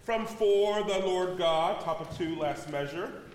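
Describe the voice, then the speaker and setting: A man's voice: sits high, a little hiss or hum. A man leading a choir rehearsal, giving directive corrections to the singers. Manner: directive, gives quick corrections. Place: large rehearsal hall. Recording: echoey hall from far off, loud choir and piano.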